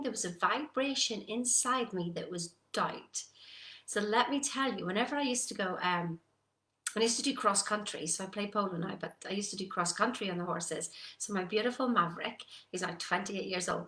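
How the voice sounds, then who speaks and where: A woman giving a casual motivational talk, animated and acting out her own doubts. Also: mid-range voice. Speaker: personal development coach. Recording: echoey room.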